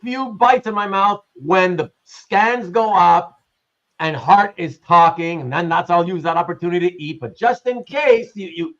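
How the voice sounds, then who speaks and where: A man's voice: sits high, a little slow, a bit bright. Chatty livestream host man, muffled sound. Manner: chatty, laughs often, reads chat aloud. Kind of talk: casual live-stream chat. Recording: muffled lo-fi stream audio.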